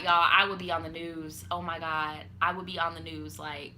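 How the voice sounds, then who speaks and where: Young woman host, bright and punchy, animated and petty storytelling with lots of swearing. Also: lowish voice, normal speed, hardly any pauses. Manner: animated, petty and profane, laughing asides. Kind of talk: casual chat reading viewer stories.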